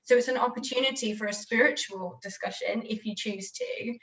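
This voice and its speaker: A woman's voice: on the high side, steady tone, a little fast, a bit bright, recorded from a distance, poor audio. A woman podcast host on a video call, reflecting on what her guest said and summing up the lessons. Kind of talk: casual interview chat.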